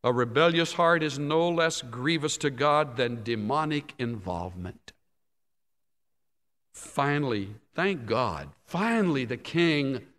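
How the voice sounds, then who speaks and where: Slow, emphatic preacher in a reverberant hall. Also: male voice. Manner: emphatic, swinging widely in loudness and pitch. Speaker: pastor. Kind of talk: sermon.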